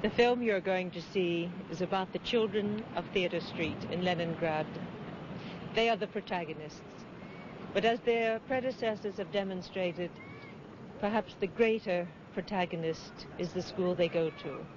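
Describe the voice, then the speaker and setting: A woman giving scripted documentary narration in a poised, measured and formal manner. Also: on the low side, noisy background. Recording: dull lo-fi 1970s film sound.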